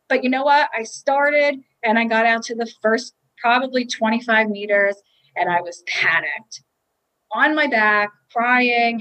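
A woman's voice: mid-range voice, normal speed, fairly bright tone, poor audio. A woman telling a candid, emotional personal story about a triathlon, with restarts and quoted inner thoughts.

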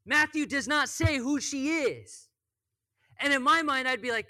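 A man's voice: extremely high pitch, expressive, moderate pace, sharp tone. A young man preaching a casual sermon as pastor, chatty and joking, with lots of "like" fillers.

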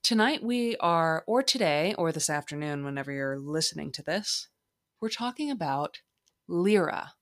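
A young woman hosting her own podcast, chatting casually and poking fun at herself, leaves her slips in, a little tipsy. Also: on the low side. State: slightly tipsy. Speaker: podcast host. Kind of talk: casual solo podcast monologue.

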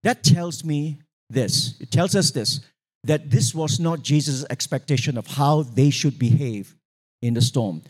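Man, preacher, high voice, animated sermon storytelling, calls for congregation responses. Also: a little slow, slightly rough. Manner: animated storytelling, acting out quoted voices, sudden pitch jumps.

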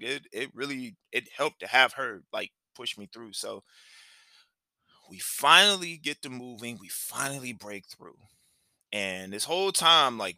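A man's voice: mid-range voice, pushed and bright, no room sound. A man hosting a podcast, telling a rambling, earnest personal story with frequent restarts and asides. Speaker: podcast host. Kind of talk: reflective storytelling monologue.

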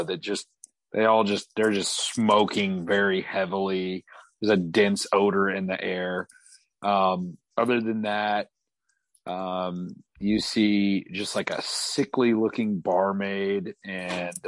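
A man narrating a tabletop game as game master, describing scenes in a relaxed way full of fillers. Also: lowish voice, no echo.

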